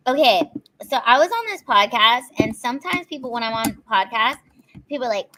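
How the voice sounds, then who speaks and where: A young woman co-hosting a casual live stream, chatty and bubbly, sliding between a high girlish voice and a lower serious one. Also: big pitch swings, fairly quick, noisy background. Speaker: comedian co-host.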